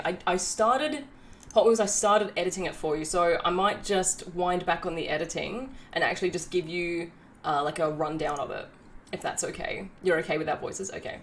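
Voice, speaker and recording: A woman's voice: mid-range voice, slight background noise. Bubbly woman streamer chatting with viewers. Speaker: livestreamer. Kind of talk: live stream chat and story narration.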